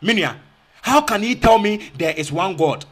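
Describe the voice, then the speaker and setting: Man, Ghanaian accent, high voice, lively swinging pitch, repetitive, rhetorical questions, casual commentary. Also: moderate pace, breathy edge. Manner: repetitive, rhetorical questions, mixes in Twi phrases. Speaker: online commentator. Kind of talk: casual spoken rebuttal video.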